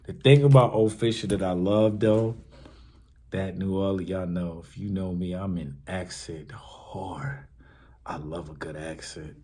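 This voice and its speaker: Guy hosting a battle rap podcast, lowish voice, gets loud and hyped then goes quiet. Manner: hyped, animated, swings from shouts to murmurs. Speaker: podcast host. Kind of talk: casual commentary.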